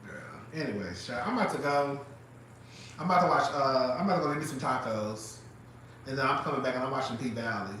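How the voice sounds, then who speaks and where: Man, animated gossip chat, very bright sharp voice, far from the mic, faint noise behind. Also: medium pitch, fast talker, very echoey. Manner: animated, dramatic, laughs often, calls listeners girl. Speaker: live-stream host. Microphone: phone.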